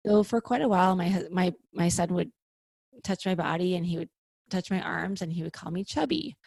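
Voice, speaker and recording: A woman speaking as a podcast guest over a remote call, lively and chatty with frequent "like" asides. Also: on the low side, fairly quick, gravelly, dry recording. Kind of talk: casual conversational interview.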